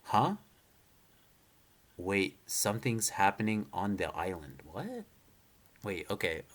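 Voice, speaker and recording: A man's voice: sits low, moderate pace, fairly bright tone. A young man reacting live to a manga chapter in a casual, rambling rant, full of fillers and restarts, swearing and opinionated. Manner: rambling, heavy use of "like" and "you know", frequent restarts.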